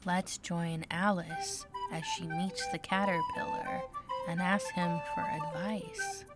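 A woman's voice: lowish voice, fairly even intonation, slow, loud music behind the voice. A woman co-hosting a storytime reading and introducing it in a sing-song way. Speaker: storytime co-host.

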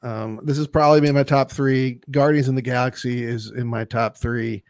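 Gravelly-voiced man in a joking chat. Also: mid-range voice, fairly even intonation, normal speed, a little mellow, dry recording. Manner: joking, laughs often, swears casually. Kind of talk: casual movie discussion.

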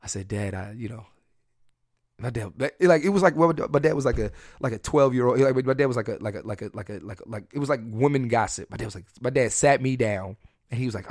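A man's voice: mid-range voice, brisk, a little mellow, no echo, studio quality. A man hosting a podcast, telling candid, crude and joking personal stories in a casual solo chat. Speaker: podcast host.

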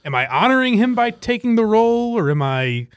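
Brief: male podcast host, forties, loose chatty delivery, lively pitch, dead-dry mic. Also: fairly quick, clear, resonant tone, no echo. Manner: rambling, laughing, many fillers. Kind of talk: casual podcast chat.

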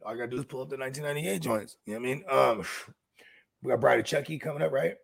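Gravelly slangy man rambling in casual chat. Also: mid-range voice, racing. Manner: rambling, slangy, swearing, lots of "you know what I mean". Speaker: podcast co-host.

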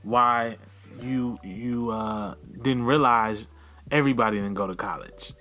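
A man's voice: mid-range voice, steady tone, unhurried, sharp tone. A man hosting a casual podcast interview, laid-back, with short affirmations and follow-up questions. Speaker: podcast host.

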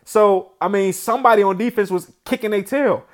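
A man hosting casual gameplay commentary, chatty and excited, with hype slang and shout-outs. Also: high voice, brisk, slight background noise. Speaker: gaming channel host.

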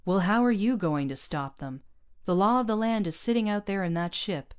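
A woman's voice: medium pitch, moderate pace, clean tone, pitched above the performer's own voice, close to an everyday voice. A woman voicing a gloomy, firm male colony leader.

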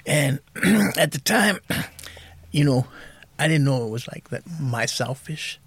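A soft-spoken man in his fifties, telling his own story candidly as a podcast guest. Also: a little high, lively intonation, takes it slowly, breathy edge.

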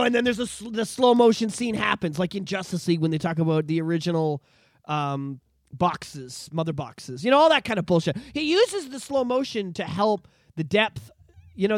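High-pitched, excitable ranting man. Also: dry recording. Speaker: podcast host. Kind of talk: casual chat.

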